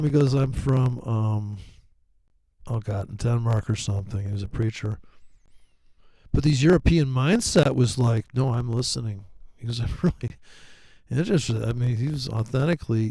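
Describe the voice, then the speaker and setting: A man's voice: medium pitch, gravelly, mellow, no room sound, poor audio. A middle-aged man telling rambling stories in casual talk, swearing freely, laughing often and acting out other people's lines. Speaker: forex trader telling stories. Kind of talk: casual storytelling.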